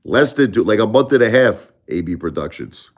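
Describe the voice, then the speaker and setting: A middle-aged man vents to his live-stream audience. His voice sits very low, and he circles back over the same points with stammering restarts. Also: animated, normal speed. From Brooklyn, New York. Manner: ranting, repetitive, stammering restarts. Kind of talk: casual live-stream rant.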